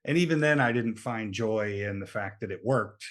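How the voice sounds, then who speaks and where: A man's voice: on the low side, moderate pace. A middle-aged man, an actor and comedian guest on a podcast, telling stories in casual chat and acting out the lines of people he quotes. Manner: animated storyteller who acts out quoted lines.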